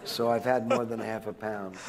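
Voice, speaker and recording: A man's voice: fairly low pitch, gravelly, very noisy. An older man speaking as a guest to students, telling rambling, digressive stories with frequent restarts and chuckles. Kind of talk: rambling anecdotal storytelling to students. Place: in front of a live audience.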